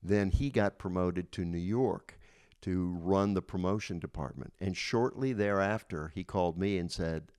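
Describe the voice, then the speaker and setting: A man's voice: low-pitched, moderate pace, darkish tone, clean tone. A man in his sixties, a music industry veteran, telling rambling anecdotes in a casual interview, often restarting his sentences.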